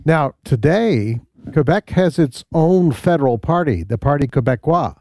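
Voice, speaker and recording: A man on a discussion panel, recounting events in a measured, storytelling way. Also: on the high side, lively intonation, mellow, no echo, studio quality. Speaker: panel guest.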